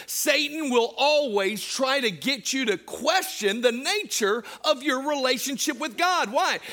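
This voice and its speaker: Bright-voiced Southern preacher man. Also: very high-pitched. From Southern United States. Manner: impassioned preaching, swings from hushed to shouting. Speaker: pastor. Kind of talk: sermon. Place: church.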